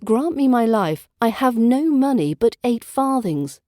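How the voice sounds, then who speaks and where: A woman's voice: on the high side, very animated, measured pace, dark tone, no room sound, studio quality. A woman with a British RP accent voicing a frightened poor man begging for his life in a storybook reading. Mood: pleading. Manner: pleading, fearful.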